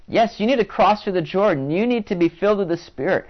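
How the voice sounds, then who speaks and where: A man's voice: sits high, expressive, quick pace, hardly any pauses. A man preaching a sermon to his congregation in a conversational way, often restarting phrases and adding fillers. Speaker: pastor. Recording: dull lo-fi sound.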